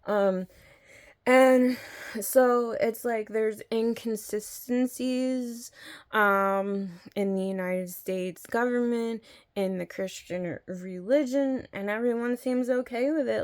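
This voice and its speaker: A woman's voice: fairly high pitch, slow. A woman in a casual spoken review, talking in an earnest, rambling way with frequent restarts. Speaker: video blogger reviewing an audio drama.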